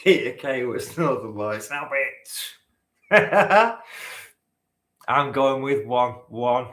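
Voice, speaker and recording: A man's voice: medium pitch, expressive, slow pace, fairly bright tone. A man hosting a live-stream quiz, bantering with the chat, teasing and swearing casually. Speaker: quiz host. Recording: roomy echo.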